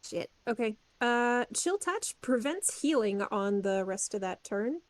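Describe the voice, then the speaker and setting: A woman's voice: on the high side, animated, measured pace, no echo. A woman player in a tabletop game, plainspoken and matter-of-fact as she picks her spells. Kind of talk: casual tabletop play.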